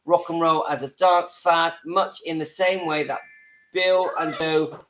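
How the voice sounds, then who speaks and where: A man's voice: a little high, fairly even intonation, a little slow, a little hiss or hum, poor audio. Chatty man hosting a livestream. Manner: chatty, talks to viewers, breaks off to hush children. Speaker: livestream host. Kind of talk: casual live-stream chat. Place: home with family around.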